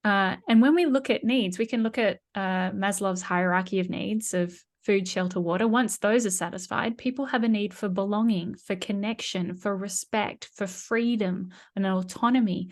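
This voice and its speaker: A middle-aged woman, chatting as an interview guest. She tells stories in an animated, conversational way and often restarts her sentences. Her voice sits in a middle pitch. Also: normal speed, hardly any pauses. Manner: animated storyteller, frequent restarts and laughs. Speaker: guest communication trainer.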